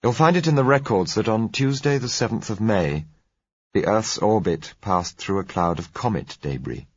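A man reading a novel aloud in the first person, measured and expressive, with tense pauses. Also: lowish voice, husky, dry recording. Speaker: audiobook narrator. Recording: dull lo-fi recording.

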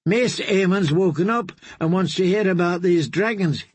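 An earnest, timid young man whose husky voice rises as he pleads, as a man voices him for an audiobook. He protests and begs in dry, close sound. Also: high-pitched, normal speed, no room sound, voice pushed up. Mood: earnest pleading.

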